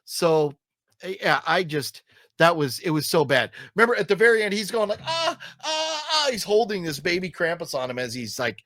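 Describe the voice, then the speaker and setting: A man reviewing films in a loose, casual podcast chat, his voice pitched a little higher than usual for a man. He rambles through fillers and restarts and gripes with emphatic exasperation. The sound is close and dry, with no room in it. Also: lively intonation, fairly quick, fairly bright tone, dry recording.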